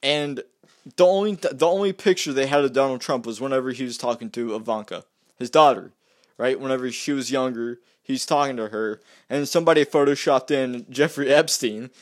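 A man's voice: medium pitch, a little fast. A young man rambling through a casual political rant, repeating himself and mocking the other side. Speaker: vlogger.

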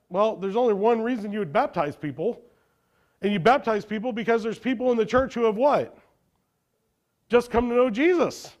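A man preaching a sermon as a pastor, often asking the congregation questions and answering them himself. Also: high-pitched.

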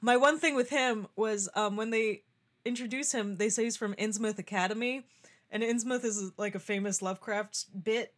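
A young woman with a fairly high voice chats casually about a show with a friend. She laughs often, swears without a second thought and acts out what the characters say. Her talk stays loose and unscripted. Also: moderate pace. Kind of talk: casual chat.

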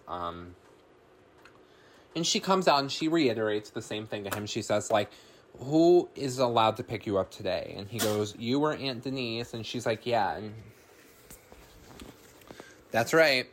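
Brief: relaxed recap host, slow delivery, filler-heavy, foul-mouthed, faint background hiss. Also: mid-range voice. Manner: rambling, filler-heavy, swears freely. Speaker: podcast host. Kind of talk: casual film recap.

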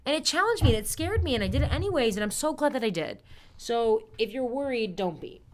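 A woman's voice: on the high side, big pitch swings, fast talker. A young woman in her twenties hosting a casual solo podcast, talking in a bubbly, chatty way with playful asides and frequent laughs. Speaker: podcast host.

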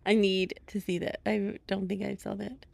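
A woman's voice: mid-range voice, flat delivery, moderate pace, vocal fry, dry recording. A woman with a Chicago accent co-hosting a podcast in casual, giggly chat, full of "like". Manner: giggly, chatty, lots of "like". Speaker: podcast co-host.

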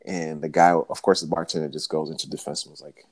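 Deep-voiced man telling a story. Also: fast. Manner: animated storyteller, slangy, acts out quoted dialogue. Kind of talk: casual storytelling chat.

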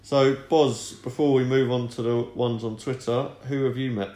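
A man's voice: mid-range voice, steady tone, normal speed, mellow. A man co-hosting a podcast, reading out listener comments and trading dry jokes in casual chat. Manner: reads listener comments, dry jokey banter. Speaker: podcast co-host. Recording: roomy echo.

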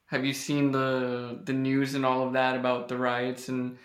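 A man's voice: mid-range voice, monotone, a little slow, echoey room. A man hosting a casual podcast, leading segments in a loose, jokey way. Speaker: podcast host.

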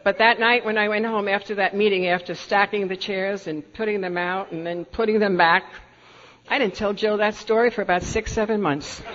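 A woman's voice: medium pitch, steady tone, moderate pace, a bit bright. Chatty older New York woman telling stories. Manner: chatty, laughs through her stories. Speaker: Al-Anon speaker. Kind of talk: storytelling talk at a meeting. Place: meeting hall. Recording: dull lo-fi recording with faint room noise.

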